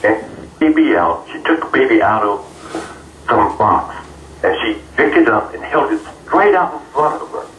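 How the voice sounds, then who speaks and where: A man being interviewed, telling a personal story in an earnest, halting way with many fillers. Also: medium pitch, lively intonation, fairly bright tone. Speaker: interview guest. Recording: roomy, distant mic, faint noise.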